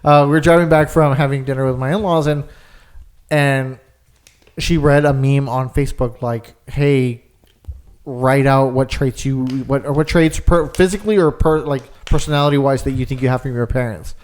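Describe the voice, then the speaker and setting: A man's voice: medium pitch, steady tone, moderate pace, darkish tone. Rambling young man telling a story. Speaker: podcast co-host. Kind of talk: casual chat.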